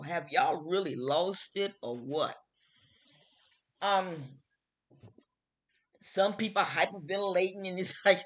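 A middle-aged woman hosting her own show, giving her opinion in a slow, emphatic, chatty way and repeating her phrases. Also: on the low side. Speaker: host. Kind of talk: casual opinion talk.

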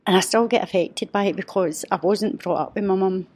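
A woman, a podcast guest telling a personal story in a heartfelt, halting way. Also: mid-range voice, a little mellow, breathy edge. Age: 50s.

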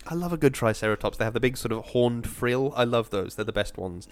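A man co-hosting a podcast in casual chat, hedging his points with "sort of" and talking with gentle enthusiasm. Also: medium pitch, animated, fast. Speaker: podcast co-host.

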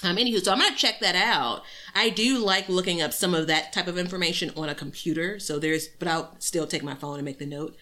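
A woman's voice: fairly low pitch, a little fast, few pauses, bright, forceful tone. A woman co-hosting a podcast in a rambling, chatty way, full of filler words. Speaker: podcast co-host. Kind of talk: casual chat.

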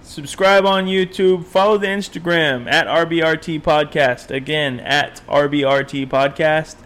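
Higher-voiced young man, laid-back podcast co-host. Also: steady tone, measured pace, a bit bright. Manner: laid-back, swears a lot. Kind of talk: casual chat.

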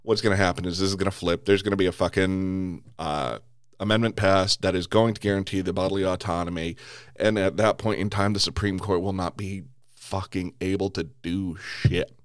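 Man, low voice, angry rant, swears a lot, keeps restarting sentences, dry close sound. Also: fairly even intonation, normal speed, no echo. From United States. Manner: heavy swearing, repeated restarts.

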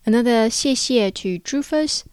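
Slow, clear-spoken woman podcast host. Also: fairly high pitch, expressive, a little mellow, no room sound. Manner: speaks slowly and clearly. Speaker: podcast host and Chinese language teacher. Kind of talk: podcast outro reading listener messages.

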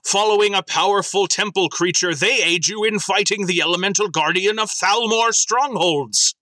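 A man's voice: high voice, normal speed, few pauses, pushed and bright, no echo. A man hosting a podcast, chatting casually and reading listener submissions aloud as comic dramatic readings.

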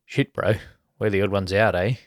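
A man voicing a cheeky young male mate at a party, loud and joking. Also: fairly low pitch, steady tone, normal speed, no room sound, clean studio sound, close to an everyday voice. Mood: rowdy.

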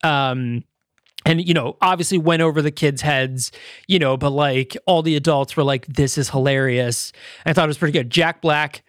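A man's voice: on the high side, moderate pace, dry recording, studio quality. A man hosting a podcast in casual chat, rambling with lots of fillers and restarts and slipping into little voices when he retells what people said. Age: adult parent. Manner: animated retelling, quoting others in little voices. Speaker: podcast host.

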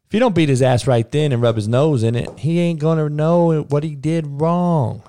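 A man's voice: on the high side, normal speed, warm tone, clean tone, no room sound. A man who is a coach and podcaster, delivering a heated monologue rant in a blunt, profane, preachy way.

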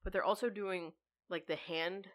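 A woman's voice: fairly low pitch, steady tone, normal speed. A young woman co-hosting a casual chat podcast, swearing freely and laughing often. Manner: profane, laughs loudly and often. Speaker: podcast co-host.

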